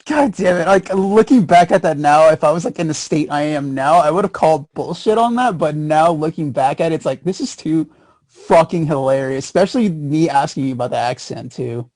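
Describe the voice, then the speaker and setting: A man's voice: fairly high pitch, expressive, fairly quick, darkish tone, no room sound. A man co-hosting a podcast in casual chat, blurting exclamations and swearing as he reacts to his friends. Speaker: podcast co-host.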